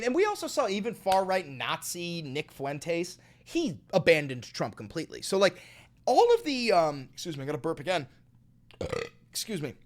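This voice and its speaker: A man hosting a live-streamed political commentary show, reading news stories aloud and riffing on them with profanity. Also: a little high. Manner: animated, profane, reads news aloud then riffs.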